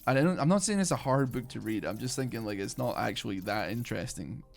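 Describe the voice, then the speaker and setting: This rambling British man streams a game, chatting with viewers through filler-laden commentary that restarts mid-thought. He speaks fast at a medium pitch, expressive and creaky, over faint game music.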